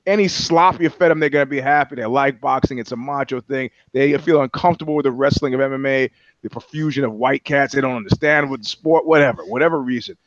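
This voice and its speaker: A man's voice: mid-range voice, quick pace, no room sound, dull audio. A man co-hosting a podcast in casual chat, rambling and sardonic, with plenty of profanity. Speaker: podcast co-host.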